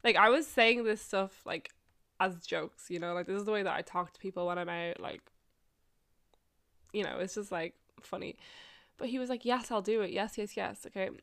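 This twenty-something podcast host's mid-range voice is creaky and fairly bright, moving at normal speed but pausing often. She tells personal stories casually, swearing, laughing frequently, and filling her talk with "like."

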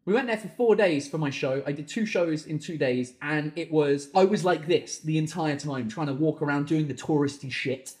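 A man's voice: fairly high pitch, echoey room. A comedian hosting a solo podcast, ranting and swearing as he answers listener questions, hot and sweaty in a small room. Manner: ranting, sweary, quick swings into shouting. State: overheated and sweating.

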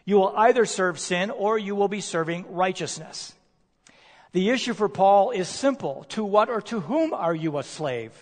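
A male preacher delivering a sermon, emphatic, posing rhetorical questions and slowing down to stress key words. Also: sits high, expressive. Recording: long reverb of a large hall.

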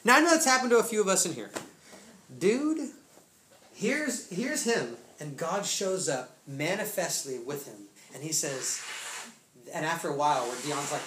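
A man preaching a testimony sermon to a congregation, telling the story in casual, slangy speech with bursts of excitement. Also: fairly high pitch, moderate pace. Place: church room. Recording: echoey room, faint noise.

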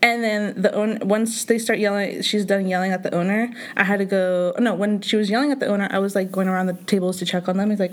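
A woman's voice: medium pitch, fairly even intonation, fast, hardly any pauses. Chatty young woman telling a story. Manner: storytelling with many likes and restarts. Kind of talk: casual chat.

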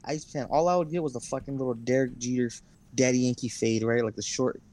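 A man's voice: medium pitch, steady tone, fast talker, darkish tone. Young male podcast co-host, casual storyteller, heavy cursing. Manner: rambling storyteller, heavy swearing and fillers. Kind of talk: casual chat.

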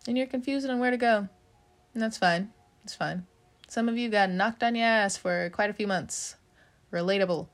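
Chatty woman giving a tarot reading. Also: on the high side. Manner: chatty, frequent "you know" fillers, laughs often, swears casually. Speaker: tarot reader.

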